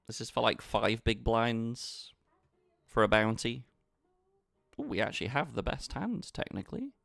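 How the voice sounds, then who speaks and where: A man's voice: medium pitch, sing-song, unhurried, vocal fry, fairly bright tone, no room sound, clean studio sound. A man chatting casually with his viewers while he plays online poker, bantering and talking to the chat. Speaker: poker streamer. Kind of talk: casual live-stream commentary.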